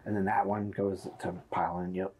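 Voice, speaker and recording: A man's voice: low voice, flat delivery, fairly quick, a little mellow, a little hiss or hum. A man chatting casually and joking while playing a board game on an app. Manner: joking, playful, talks while clicking. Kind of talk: casual gameplay chat.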